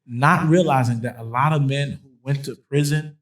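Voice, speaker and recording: Male host at a conference, middle pitch; preaching cadence, repeats lines for emphasis, jokes with the crowd. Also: moderate pace, rough recording. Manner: emphatic, repeats phrases for stress, playful asides. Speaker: host introducing a guest speaker. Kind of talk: preaching-style conference talk. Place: conference hall with an audience.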